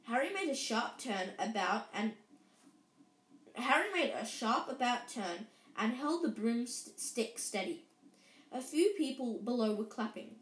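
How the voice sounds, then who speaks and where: Lady reading a kids book out loud, trips over words, echoey room. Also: a little high, unhurried. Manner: lively, with frequent slips and restarts. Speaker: reader. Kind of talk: reading a children's book aloud. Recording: roomy echo.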